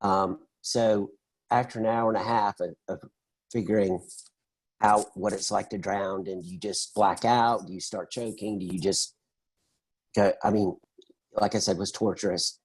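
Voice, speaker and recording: Husky low-voiced man telling a story. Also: a little slow, low-quality recording. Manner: animated storyteller, acts out quoted voices. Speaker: interview guest. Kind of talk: conversational storytelling.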